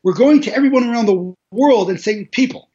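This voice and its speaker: Guy, high voice, telling a story all animated, kinda muffled audio. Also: fairly quick. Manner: animated, repetitive restarts, laughs while telling. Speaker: interview guest, charity organizer. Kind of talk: emotional storytelling interview. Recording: dull lo-fi audio.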